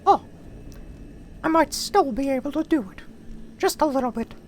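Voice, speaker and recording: A squeaky cheerful Mickey Mouse. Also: male voice, expressive, moderate pace. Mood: chipper. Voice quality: high falsetto squeak. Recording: noisy background.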